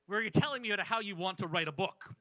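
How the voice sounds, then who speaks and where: A man's voice: high voice, fast, sharp tone, dry recording, poor audio. A man doing a wry, self-deprecating stand-up set on a small club stage into a stage mic. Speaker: stand-up comedian.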